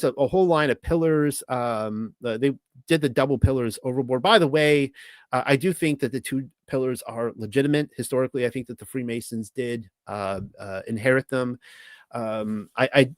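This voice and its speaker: A man with a Californian accent, talking in a casual monologue as the host, rambling and halting with many restarts and fillers. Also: medium pitch, no room sound.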